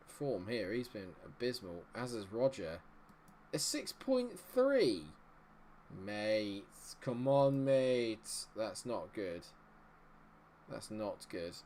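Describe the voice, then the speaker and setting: A young man giving casual, rambling commentary while he plays a football management game, with excitable bursts. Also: on the low side, slight background noise. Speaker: gaming video host.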